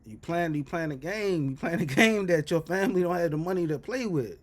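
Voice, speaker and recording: A man telling a story in casual chat, animated and jumping into loud, high exclamations. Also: a little fast. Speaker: reaction streamer.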